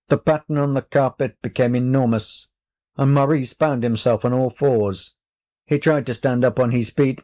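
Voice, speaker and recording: A man reading a children's story aloud as narrator, measured and deliberate. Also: medium pitch, a little mellow.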